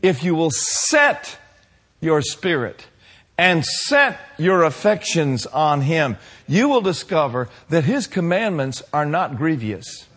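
A man preaching a sermon to his congregation, building to shouted passages and calling for responses. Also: fairly high pitch, very animated, slow pace. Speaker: pastor.

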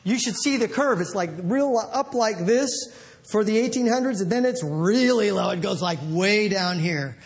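High-voiced animated man preaching. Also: normal speed. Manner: animated, playful, acts out quotes. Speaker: pastor. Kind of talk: sermon.

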